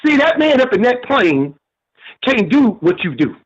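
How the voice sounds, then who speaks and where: An older Southern US man phones in to a sports show with an extremely high, sing-song, slightly rough voice, speaking a little slowly. His folksy, sermon-like rant keeps repeating "man," and the call sounds muffled.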